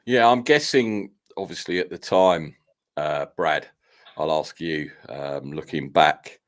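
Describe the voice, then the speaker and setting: A man's voice: rumbling low, slow pace. A man hosting an interview, asking a long question that he works out as he speaks, with hesitations. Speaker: host.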